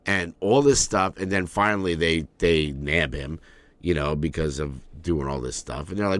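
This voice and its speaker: A man co-hosting a podcast in casual chat, rambling, animated and swearing freely. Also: very deep voice, moderate pace, no room sound. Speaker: podcast co-host.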